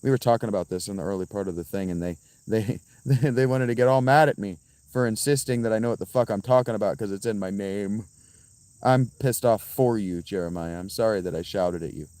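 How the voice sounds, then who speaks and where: A man livestreaming outdoors and answering his chat in a profane, combative, quick-tempered way. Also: lowish voice, a little mellow, no echo. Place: outdoors by a fountain.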